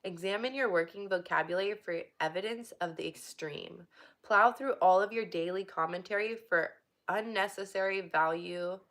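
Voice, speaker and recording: A woman's voice: on the low side, fairly bright tone. A young woman casually reading a book aloud, breaking off to chat and laugh now and then. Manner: reads haltingly, stops to chat and laugh.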